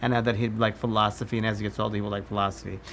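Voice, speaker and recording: A man working as a psychic medium, giving a live workshop demonstration in a halting, repetitive way as he names each impression he gets. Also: fairly low pitch, level tone, a bit bright, a little hiss or hum. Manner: halting, repeats "I feel" while reading impressions. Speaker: psychic medium teaching a class.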